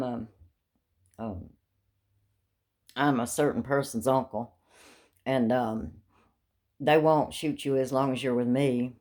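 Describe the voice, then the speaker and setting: A woman's voice: very deep voice, darkish tone. A middle-aged woman telling rambling personal stories in a talkative way, with morbid jokes and frequent laughs. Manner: talkative, darkly joking, laughs often. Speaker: vlogger telling life stories.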